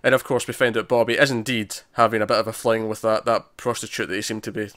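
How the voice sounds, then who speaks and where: A man's voice: lowish voice, flat delivery, fast, a bit bright, no room sound, clean studio sound. A man casually recapping a TV episode with a friend, retelling scenes with many restarts and frequent laughs. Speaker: podcast co-host.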